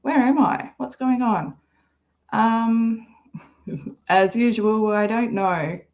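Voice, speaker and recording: An Australian woman hosting a casual livestream, rambling and swearing often, with a slightly hoarse throat. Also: fairly high pitch, takes it slowly, darkish tone. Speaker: livestream host.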